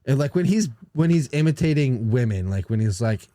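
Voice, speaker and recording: A man's voice: medium pitch, lively intonation, a little fast, hardly any pauses, warm tone, no echo. Rambling, swearing podcast guy, dry close mic. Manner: rambling, profane storytelling with restarts. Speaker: podcast co-host. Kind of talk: casual chat.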